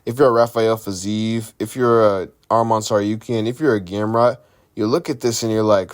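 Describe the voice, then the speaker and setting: A man's voice: lowish voice, fairly quick. Man rambling through a fight reaction. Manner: rambling, conversational, lots of fillers and restarts. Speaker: MMA commentary host. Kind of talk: casual fight reaction commentary.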